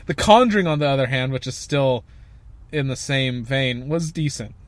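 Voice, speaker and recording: A young man with a mid-range voice co-hosts a casual podcast at a moderate pace. He rants emphatically and swears a lot during the chat.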